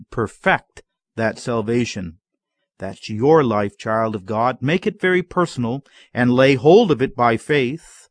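Slow, measured male preacher. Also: mid-range voice, no echo. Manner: slow, measured preaching with rising emphatic climaxes. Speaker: pastor. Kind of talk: sermon.

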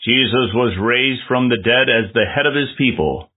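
A man preaching a measured, earnest sermon with scripture reading. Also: medium pitch, breathy edge. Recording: tinny phone-like lo-fi audio.

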